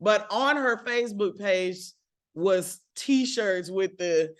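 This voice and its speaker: A woman co-hosting a loose reality-TV recap, her voice sitting at an ordinary middle pitch. She speaks bluntly and animatedly, breaking into laughter often. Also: slow pace. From Mississippi, USA. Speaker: podcast co-host. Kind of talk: casual chat recapping reality TV.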